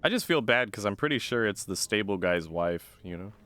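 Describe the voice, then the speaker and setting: A man chats through his game session, full of laughs and silly exclamations. His voice is smooth and clear, a bit low, and swings up and down as he talks. He takes his time. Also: animated, a little fast, fairly bright tone. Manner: laughs often, goofy exclamations. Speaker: streamer. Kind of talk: casual gameplay commentary.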